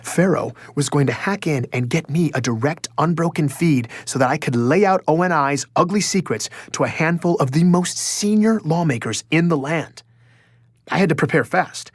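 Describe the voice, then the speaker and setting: A husky, anxious journalist. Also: male voice, on the high side, expressive, normal speed, no echo. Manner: nervous, stammering in dialogue. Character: anxious male journalist narrating his story. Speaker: journalist narrator. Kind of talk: first-person audio drama narration.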